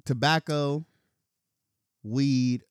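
A man co-hosting a casual podcast chat, animated, acting out quotes in sudden high voices and laughing often. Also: extremely slow, smooth, no echo, studio quality. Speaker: podcast co-host.

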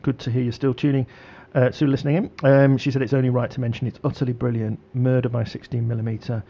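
Male radio host, dark gravelly tone, muffled broadcast sound, rambling delivery. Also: medium pitch, little pitch movement. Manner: halting, many fillers and restarts. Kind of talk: casual radio chat.

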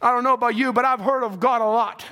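High, bright-voiced fervent male preacher. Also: fairly even intonation, fast talker. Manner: impassioned, repeats cries of hallelujah, rises to shouts. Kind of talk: fervent sermon.

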